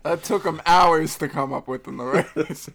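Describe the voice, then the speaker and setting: A man with a gravelly, creaky voice co-hosts a casual podcast. He jokes around and laughs often. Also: a little high, moderate pace, a bit bright. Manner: laughing, joking. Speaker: podcast co-host. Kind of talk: casual chat.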